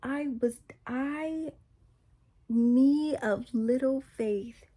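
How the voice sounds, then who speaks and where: A woman's voice: high-pitched, drawn-out words, dark tone. A woman telling a personal faith testimony in a casual, rambling way, repeating herself and poking fun at herself. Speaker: vlogger sharing a faith testimony.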